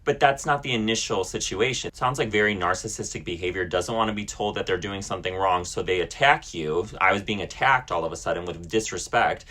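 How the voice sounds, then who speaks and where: A man with a low, husky voice tells a storytime rant straight to camera. He is blunt and indignant, swears freely and leans on "like" as a filler. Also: fairly quick, hardly any pauses, sharp tone. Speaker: vlogger.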